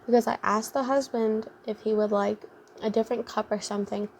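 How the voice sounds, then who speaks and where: A woman's voice: fairly high pitch, steady tone, brisk, slight background noise. A young adult woman vlogger telling a casual storytime, rambling and full of fillers like "like" and "um".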